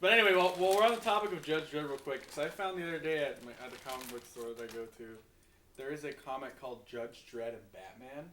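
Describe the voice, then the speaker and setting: A man's voice: medium pitch, fast, bright, forceful tone. A young man chatting casually as a podcast co-host, rambling and restarting his sentences, often breaking into laughter. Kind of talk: casual chat. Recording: echoey room, far from mic, faint noise.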